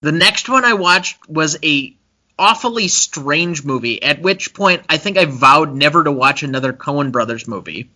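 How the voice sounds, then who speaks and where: Bright-voiced young male podcast host. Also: a little high, lively intonation, normal speed. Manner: chatty and analytical, with frequent fillers. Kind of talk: casual movie-review podcast chat.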